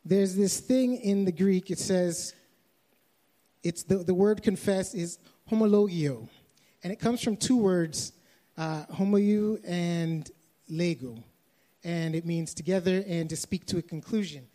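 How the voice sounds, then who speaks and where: A young adult man with a Canadian accent preaching a sermon, telling a story softly and then raising his voice to exhort. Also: sits high, unhurried. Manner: storytelling, shifts from soft anecdote to raised preaching. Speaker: pastor.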